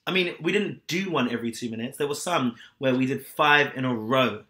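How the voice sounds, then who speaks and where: This podcast co-host is a chatty guy whose mid-range voice moves fairly quickly, with a bright, forceful edge. Hungover and sore-backed, he wanders through a casual, filler-heavy story.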